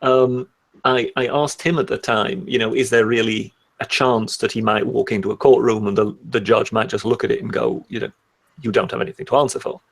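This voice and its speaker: A man from the United Kingdom with a gravelly, husky voice talks in a live stream discussion. He speaks in a measured, articulate way, with a few restarts. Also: medium pitch, steady tone.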